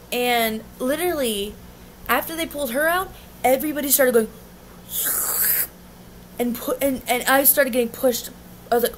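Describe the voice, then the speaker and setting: A young woman vents about a concert in a casual vlog, her voice a little high as she rambles, restarts and swears. Her recording is a home mic with a faint hiss of noise behind her. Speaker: concert fan recounting an experience.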